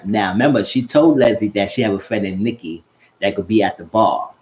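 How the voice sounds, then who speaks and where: Male host recapping a show, lower voice, dull lo-fi audio, animated storyteller. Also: fairly quick. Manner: animated, retells scenes, acts out quotes. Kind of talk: casual episode recap. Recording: dull lo-fi sound.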